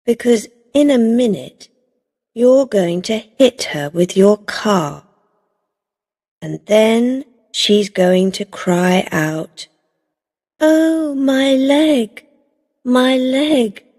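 A woman voicing a shrewd, calm and cunning woman in a storybook reading, measured and knowing. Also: a little high, voice pushed up, full character voice. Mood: accusing. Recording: long reverb.

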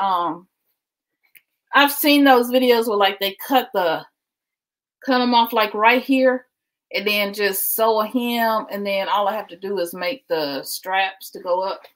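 A woman's voice: mid-range voice, fairly bright tone, poor audio. Chatty woman livestreaming at home. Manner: chatty, keeps addressing viewers as y'all; laughs often, talks while packing. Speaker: livestream host. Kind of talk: casual livestream chat. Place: at home indoors.

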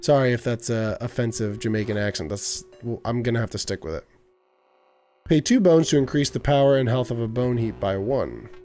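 A man's voice: medium pitch, a little fast, warm tone, faint music behind. A young man giving casual let's-play commentary, thinking aloud and stumbling over game words. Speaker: gaming video creator.

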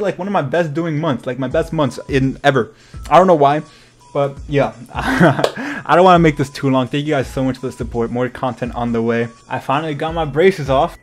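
Young man, slightly slurred casual speech. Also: a little high. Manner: slightly slurred speech from braces just removed; casual, filler-heavy rambling. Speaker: channel owner. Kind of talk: casual vlog thank-you.

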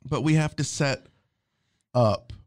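A man's voice: fairly high pitch, takes it slowly, darkish tone. A man hosting a podcast in casual chat, telling a comic book story step by step. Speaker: podcast host.

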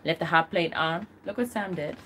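A woman's voice: lowish voice, moderate pace, a bit bright, a little hiss or hum. A woman hosting a casual livestream from a small rented room, joking and teasing, picked up by a phone camera. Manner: joking, teasing, reads signs aloud. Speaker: band member hosting a livestream.

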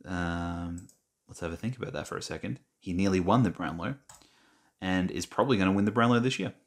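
Young aussie bloke, lowish voice, reads quiz stuff out loud and mumbles along, teases himself. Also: male voice, brisk. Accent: Australian. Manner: mutters and reads quiz questions aloud, self-mocking. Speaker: gaming vlogger. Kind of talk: casual screen-recorded commentary.

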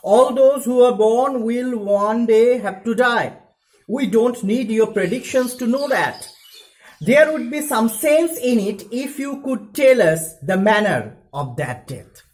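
A man's voice: extremely high pitch, lively intonation, takes it slowly, a little mellow, voice pushed up, heavily acted. A male teacher voicing a ten-day-old royal infant prince who boldly questions the astrologers. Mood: challenging.

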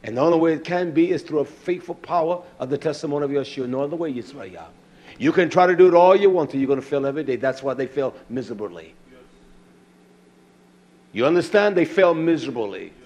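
Guy preaching, kinda high voice, gets loud and shouty when he's fired up. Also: expressive. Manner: preaching with rising shouted emphasis; quotes scripture with slow deliberate stress. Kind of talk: sermon.

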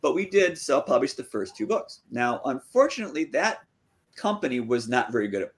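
Male author, guest interview, conversational storytelling, mid-pitched voice with lively quoted asides. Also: a little fast. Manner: lively, acts out quoted dialogue with pitch jumps. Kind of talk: casual storytelling.

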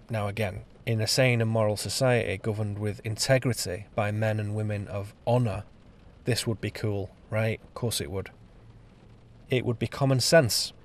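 A man giving an improvised spoken-word essay on his podcast, emphatic and sardonic, hammering out lists word by word. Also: on the low side. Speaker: podcast host and author. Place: on location.

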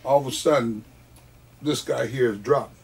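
A man telling stories from his wrestling career in a casual interview, animated and often laughing. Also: medium pitch, normal speed, gravelly, far from the mic, slight background noise. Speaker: guest, wrestler.

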